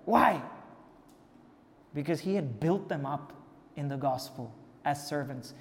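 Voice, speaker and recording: A man's voice: on the high side, moderate pace, warm tone, big-room sound. A man preaching a sermon, asking rhetorical questions and building to emphatic exhortation. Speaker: pastor.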